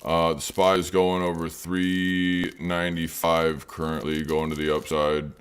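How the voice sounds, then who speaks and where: A man's voice: low voice, completely flat delivery, a little slow, smooth. A man hosting a live trading stream, chatting casually with viewers and rambling with many fillers. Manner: rambling, talks to chat by name, many fillers. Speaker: livestream trading host. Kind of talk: casual livestream chat.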